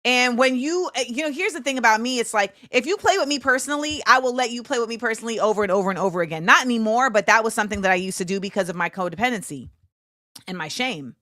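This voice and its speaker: A woman, hosting a show and telling a story in a casual, animated way. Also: on the high side, quick pace, dry recording, studio quality. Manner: animated, acts out quoted voices, laughs often. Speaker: show host.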